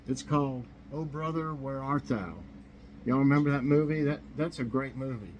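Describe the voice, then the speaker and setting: A man's voice: mid-range voice, normal speed, a little mellow, dull audio. Man, chatty morning host, rambles and chuckles, kitchen with a faint hum behind. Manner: rambling, chuckles at his own jokes. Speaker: host of a morning chat show. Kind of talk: casual chat. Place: home kitchen.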